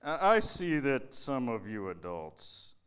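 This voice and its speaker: A man voicing a cheerful male church puppet who preaches a children's sermon in a put-on Southern preacher accent, with a showy, drawn-out delivery. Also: mid-range voice, very animated, a bit bright, clear, resonant tone. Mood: playful.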